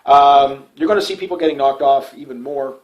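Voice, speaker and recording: A man's voice: medium pitch, a little fast, lo-fi sound. A middle-aged man delivering a casual political monologue to his channel, rambling and repetitive with frequent restarts. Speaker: political YouTuber.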